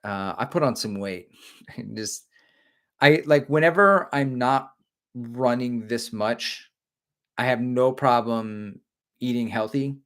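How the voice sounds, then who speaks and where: A middle-aged man chats on a live stream at an ordinary pitch. He jokes and rambles, drifting from one aside to the next between viewer comments. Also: slow, long pauses, fairly bright tone. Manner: joking, rambling, reads viewer comments aloud. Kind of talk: casual live-stream chat.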